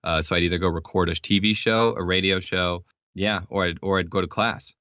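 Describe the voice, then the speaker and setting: Very deep-voiced man, dull lo-fi recording. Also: fairly even intonation, a little fast, bright, forceful tone, clear, resonant tone, no echo. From Texas, United States. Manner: rambling, explanatory, many fillers and restarts. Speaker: podcast guest. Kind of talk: casual interview chat. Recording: dull lo-fi sound.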